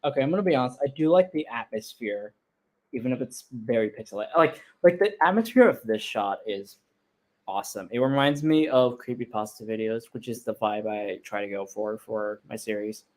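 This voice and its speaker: A young adult creator talks over their old fan video in a mid-pitched voice. They poke fun at their past work with laughter and plenty of swearing. The tone is loose and casual. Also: lively intonation, a little fast, darkish tone. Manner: self-mocking, laughing at own past work, swears freely. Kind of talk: casual, profane commentary.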